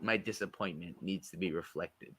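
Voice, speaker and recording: A young man co-hosting a podcast in casual, jokey chat, animated and swearing freely. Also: deep voice, normal speed, a little hiss or hum. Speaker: podcast co-host.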